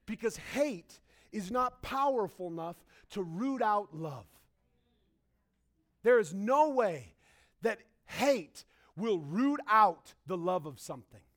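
A young man preaching a sermon as pastor, animated, acting out quotes and swinging between loud and hushed. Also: high voice, slow.

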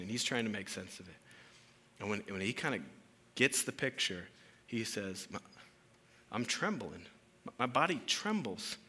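A man preaching a conversational sermon as pastor, rising to loud emphasis and dropping to hushed lows. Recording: hall reverb with faint room ambience.

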